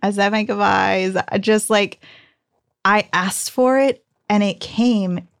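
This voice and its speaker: A woman telling a personal story in casual chat, animated and full of "like"s. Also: medium pitch, takes it slowly, gravelly, clear, resonant tone, dry recording, studio quality. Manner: animated, breathless storytelling with many "like"s.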